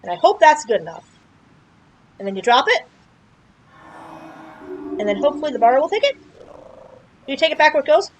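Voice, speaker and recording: A woman with a high, bouncy voice talks through a video game, chatty and jokey, often breaking into exclamations. A faint hiss runs under the recording. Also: sing-song, brisk, pauses often, muffled recording. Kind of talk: casual game playthrough commentary.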